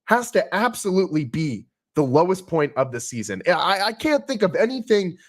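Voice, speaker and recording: A fairly high-voiced man vents through a sports podcast monologue after a loss. He rambles and restarts, plainly exasperated, speaking into a podcast microphone. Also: very animated, normal speed. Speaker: podcast host.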